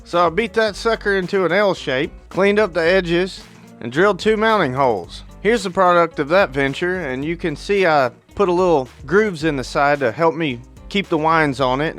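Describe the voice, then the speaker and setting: High-voiced man narrating a DIY build. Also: animated, normal speed, a bit bright, soft background music. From northern Alabama, US. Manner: plainspoken, matter-of-fact explaining. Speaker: DIY guitar electronics builder.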